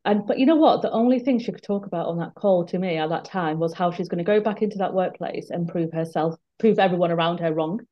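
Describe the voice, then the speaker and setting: A woman with a lowish voice tells a personal story in an earnest, emphatic way. She often repeats words when the point matters to her. The sound is a bit muffled and dull. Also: quick pace, hardly any pauses. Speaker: guest. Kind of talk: candid conversational storytelling.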